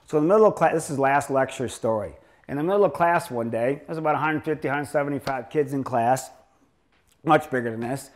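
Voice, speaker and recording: A man's voice: medium pitch, a little fast. An older man lecturing as a chiropractor, telling rambling stories in a sarcastic, joking way. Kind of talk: humorous lecture storytelling.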